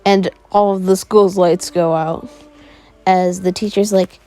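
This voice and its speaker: A woman's voice: mid-range voice, level tone, a little slow, mellow, faint music behind, rough recording. A woman casually improvising a story, rambling with many fillers.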